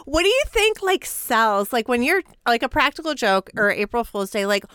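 A woman in her thirties hosting an interview, chatty and animated, saying "like" a lot. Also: on the high side, normal speed, clear, resonant tone, no room sound, studio quality. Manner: chatty, heavy use of "like", animated storytelling. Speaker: podcast host. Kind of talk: casual interview chat.

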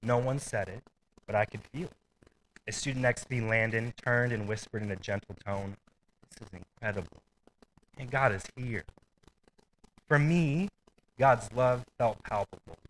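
A man's voice: medium pitch, moderate pace, a little hiss or hum, low-quality recording. A man preaching a sermon in a casual, conversational way, with asides and light laughter. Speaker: pastor.

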